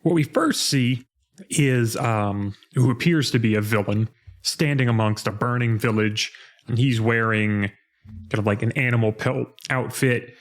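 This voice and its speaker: A man's voice: medium pitch, measured pace. A man co-hosting a podcast, chatting casually about a game he played and acting out quoted lines with laughs. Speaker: podcast co-host. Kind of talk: casual chat recapping a game.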